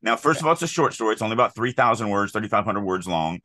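A man's voice: on the low side, animated, racing, pushed and bright, no room sound. A middle-aged man co-hosting a writing podcast, talking casually in an opinionated, emphatic way with rambling asides. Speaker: podcast co-host, author. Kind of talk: casual chat on writing craft.

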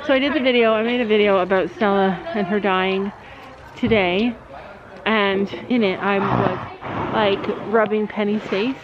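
A middle-aged woman chatting casually to camera in a family vlog, thinking out loud and turning bossy when she sets rules. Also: medium pitch. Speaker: family vlogger. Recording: dull lo-fi camera audio with faint noise.

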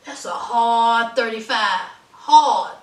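A woman's voice: fairly high pitch, takes it slowly, roomy sound, recorded from a distance. A woman giving a sassy, mocking, casual comedic recap of a reality show. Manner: sassy, animated, mocking asides. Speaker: TV recap vlogger.

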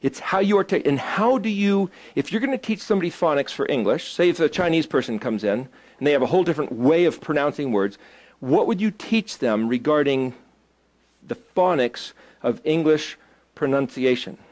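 Man, slightly higher voice, casual teacher thinking aloud and quizzing the group. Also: expressive, fairly quick, a little mellow. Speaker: Hebrew study teacher. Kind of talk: informal teaching to a small group.

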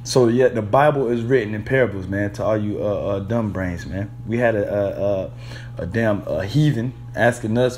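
A man's voice: on the low side, a little mellow, slight background noise. A man giving an informal sermon, talking in loose street slang with swearing, hesitating a lot and tagging many phrases with "man" and "all right?". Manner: blunt street slang with profanity; halting, frequent "uh" and repeated words. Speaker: preacher.

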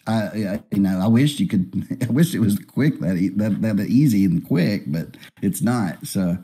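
A man from Alabama, talking in a relaxed, rambling way with many fillers as a guest artist in a live Q&A. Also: lowish voice, normal speed, few pauses, husky. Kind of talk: casual live Q&A.

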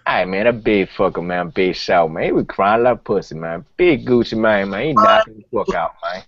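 A man's voice: on the low side, expressive, moderate pace, very noisy. A man putting on a brash, boastful Southern rapper who ends almost every line with "man." He keeps it slangy and drawling. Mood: trash-talking. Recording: dull lo-fi podcast audio.

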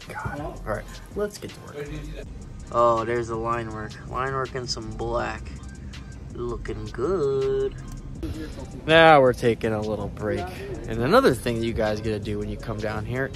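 A man talking casually to the camera about feeding his reptiles and tattooing, chatting to his animals. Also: mid-range voice. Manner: energetic, talks to his animals. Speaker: tattoo artist and reptile keeper. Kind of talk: casual vlog narration.

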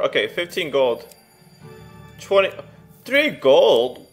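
Excitable young man narrating gameplay. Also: a little high, slow, faint music behind. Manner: excitable, reads game text aloud, groans and exclaims. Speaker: let's play gamer. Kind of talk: casual gameplay commentary.

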